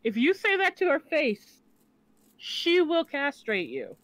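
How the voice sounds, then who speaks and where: A woman's voice: sits high, huge pitch swings, dry recording, rough recording. A woman co-hosting a game stream, joking and teasing in casual chat. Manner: playful, teasing, quick to laugh. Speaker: co-host.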